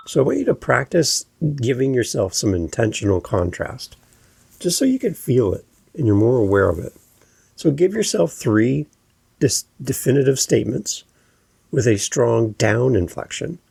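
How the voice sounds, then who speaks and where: A man's voice: medium pitch, gravelly, warm tone, husky, no echo. A man hosting a podcast lesson, explaining delivery tips step by step and demonstrating inflection with examples. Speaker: podcast coach. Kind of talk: instructional podcast talk.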